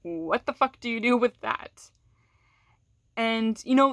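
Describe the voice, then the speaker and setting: A woman's voice: a little high, measured pace, fairly bright tone, no room sound. Woman vlogger, casual candid chat, swears freely, frequent restarts, dry close sound. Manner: frank and profane, restarts often, laughs between words. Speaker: vlogger talking to her audience.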